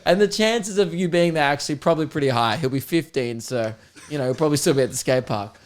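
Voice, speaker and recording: Young man, podcast host, comic storytelling, swears a lot, laughs through it, slightly high voice. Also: quick pace. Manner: profane, laughing, mock-outraged. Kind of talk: casual comedic storytelling.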